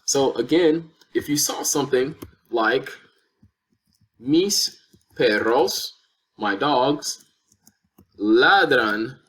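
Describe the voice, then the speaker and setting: A man's voice: mid-range voice, a bit bright. A man teaching a lesson, explaining step by step with patient repeated examples. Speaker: Spanish teacher. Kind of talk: lesson explaining verb conjugation.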